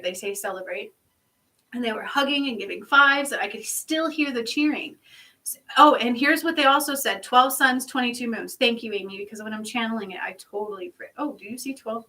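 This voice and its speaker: A woman speaking as a spiritual channeler in a casual livestream monologue, excited and rambling, laughing often and dropping into soft asides. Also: on the high side, far from the mic, rough recording. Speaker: spiritual channeler streaming to followers.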